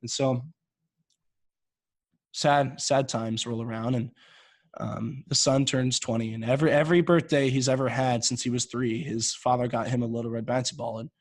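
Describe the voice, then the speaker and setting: A man's voice: mid-range voice, fairly even intonation, moderate pace, dry recording. A young man in his twenties, a podcast co-host, telling a long shaggy-dog joke in a rambling way, with many restarts. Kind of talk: casual podcast storytelling.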